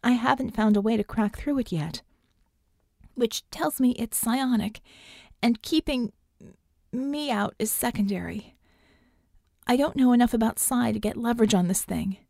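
A woman doing a tense young woman hacker on comms, frustrated and quick, with a mellow, slightly raised voice. She talks in rapid, clipped bursts and sounds close to the mic in a dry space. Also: on the high side, no room sound, pitched above the performer's own voice, lightly acted.

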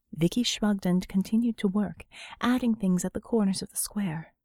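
A woman reads a novel aloud as an audiobook, her storytelling voice steady and measured at a medium pitch. It's scripted narration with clean studio sound and no echo.

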